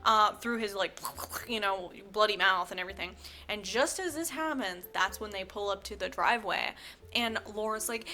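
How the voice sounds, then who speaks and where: A woman with a bright voice and a mid-range pitch tells a movie plot in casual podcast chat. She is animated and uses lots of fillers. She acts out the characters' lines as she goes, with faint music underneath. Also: normal speed. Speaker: podcast co-host.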